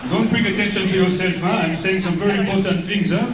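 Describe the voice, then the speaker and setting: A man's voice: high-pitched, steady tone, fast talker, heavy background noise, close to an everyday voice. A man doing a cheeky French coach. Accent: French (put on). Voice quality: heavy put-on French accent, cheeky crowd-teasing. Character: boastful French coach, teasing, adult man. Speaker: comedian in character. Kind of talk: live stand-up character act. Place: large function room at a lunch event. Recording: echoey hall from far off, loud crowd.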